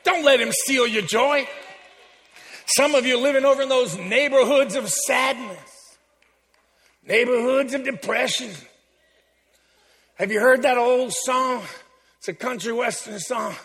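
A man preaching a sermon in a church, exuberant and joking with the congregation, building up to shouts. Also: very high voice, measured pace, pauses often, big-room sound. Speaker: pastor.

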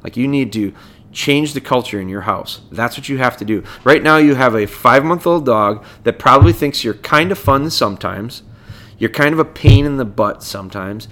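A man's voice: mid-range voice, moderate pace, fairly bright tone. A man hosting a podcast as a dog trainer, explaining things in a casual, conversational way and breaking points down step by step.

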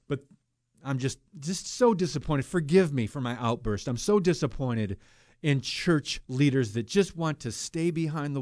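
A fairly high-pitched man hosts a Christian radio talk show into a studio microphone. He preaches with heat, jumping from loud outbursts to quiet, muttered asides. The sound is dry and close. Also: no echo. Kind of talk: impassioned talk radio commentary.

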